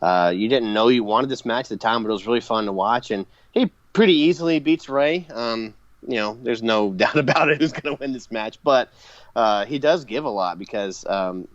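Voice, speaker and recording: A man's voice: medium pitch, moderate pace, dry recording. Sex: man. Role: podcast co-host. Style: casual, filler-heavy wrestling recap. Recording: dry, slightly dull. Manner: enthusiastic recapping with frequent fillers and laughs.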